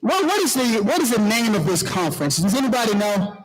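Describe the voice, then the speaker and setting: High-voiced playful man emceeing a conference. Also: sing-song, fairly quick, rough recording. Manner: playful, preachy, talks to the crowd. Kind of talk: lively stage emcee talk. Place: conference hall.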